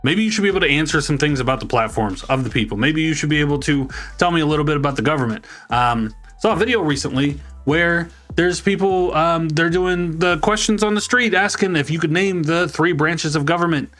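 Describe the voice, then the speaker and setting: Commentary host, male, mocking and exasperated, a bit higher pitched. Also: fairly quick, hardly any pauses, fairly bright tone, faint music behind. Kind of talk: sarcastic commentary reading comments.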